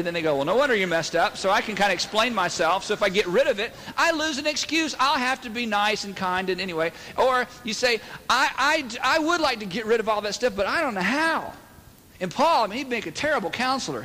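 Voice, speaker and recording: High-voiced pastor in a reverberant church. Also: male voice, animated, fast, sharp tone, a little hiss or hum. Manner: conversational, acts out quoted voices. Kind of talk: sermon. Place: church sanctuary.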